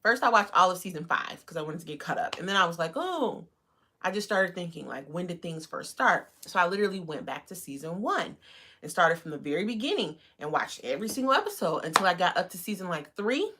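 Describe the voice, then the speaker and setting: A woman's voice: animated, fast talker. A woman hosting a live stream, chatting casually and rambling with lots of fillers. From United States. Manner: greets viewers in a bright high voice. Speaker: livestream host.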